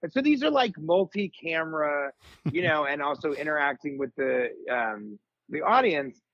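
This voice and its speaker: A man in his forties, a comedian guest on a podcast, telling rambling stories in casual chat and jumping into high comic voices when quoting people. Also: moderate pace, no room sound, dull audio. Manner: rambling, animated storyteller, jumps into high comic voices for quotes.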